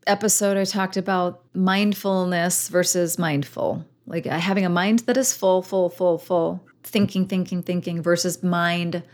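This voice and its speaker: A woman hosting a conversational interview, who thinks out loud and sums up her guest's ideas. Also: on the low side, steady tone, unhurried, few pauses. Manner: reflective, affirming listener who sums up ideas. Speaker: podcast host.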